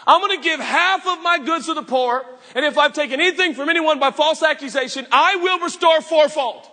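An overjoyed, repentant tax collector makes a loud, eager announcement, voiced by a man. The voice is high and bright, with a husky grain. It rings out in a reverberant hall. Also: brisk. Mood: elated.

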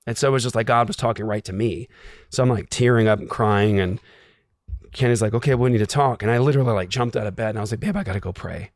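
Speaking fast with fairly even intonation, this guest has a medium-pitched voice and shares a personal story casually, earnestly and emotionally, leaning heavily on the filler "like." The audio is dry and studio-clean.

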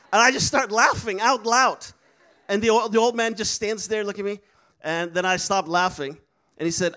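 Animated preacher, high voice. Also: male voice. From Netherlands. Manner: animated, laughing, acts out quoted voices. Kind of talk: storytelling sermon.

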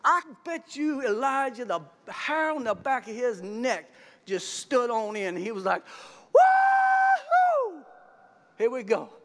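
A middle-aged man preaching a sermon in a folksy style, swinging from quiet asides to loud shouts. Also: extremely high pitch, measured pace.

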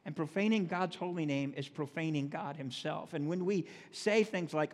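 A man with a high voice preaches in a church sanctuary, and a long reverb hangs after his words. He reads scripture in a slow, measured way. Between verses he speaks plainly, with homely asides for the congregation. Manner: reads scripture slowly, then talks plainly with folksy asides. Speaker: pastor. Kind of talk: sermon. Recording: long reverb of a large hall.

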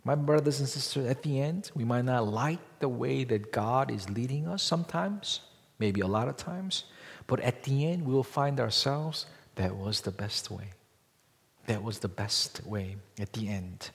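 A male pastor preaches in a church, and his words ring out with a long hall reverb. He swings between loud, emphatic lines and quiet, low-voiced asides, and he keeps asking the congregation rhetorical questions. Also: unhurried, gravelly. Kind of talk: sermon.

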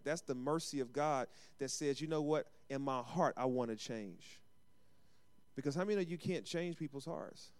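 A male pastor delivering a sermon in a smooth, resonant voice that sits a little high. He calls on the congregation for amens and slips into quick acted quotes of everyday people. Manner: call-and-response preaching with acted asides.

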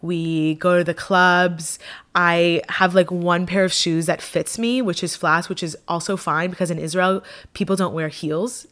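A woman's voice: lowish voice, a little slow. Chatty young-sounding woman telling a story. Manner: chatty, fillers of "like", animated retelling. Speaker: vlogger. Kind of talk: casual storytelling.

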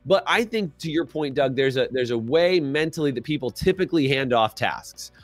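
A man's voice: medium pitch, moderate pace, dry recording, faint music behind. A man co-hosting a business coaching podcast, talking animatedly and acting out little dialogues, asking listeners to comment in the chat. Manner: animated, acts out quoted dialogue. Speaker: podcast co-host.

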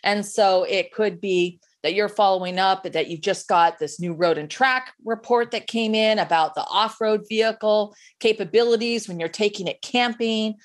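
A woman talking through sales advice in an interview, animated and chatty, often restarting her sentences as she explains. Her voice sits at a middle pitch. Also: normal speed, few pauses. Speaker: sales coach guest. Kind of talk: conversational interview, giving advice.

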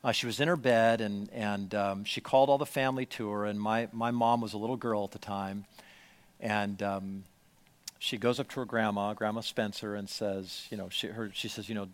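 A man preaching a sermon to a congregation, swinging from hushed storytelling to loud, emphatic lines. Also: on the low side, steady tone, normal speed. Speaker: pastor. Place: church, before a congregation.

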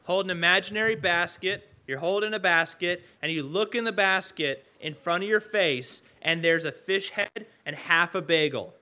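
Lively storytelling male preacher, fairly high. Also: normal speed, few pauses. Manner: animated storytelling, acting out the characters; leads the audience to stand and call out. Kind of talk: casual sermon.

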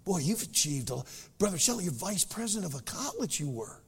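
Animated, raspy preacher in a reverberant hall. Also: male voice, high voice, fast. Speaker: pastor. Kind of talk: sermon.

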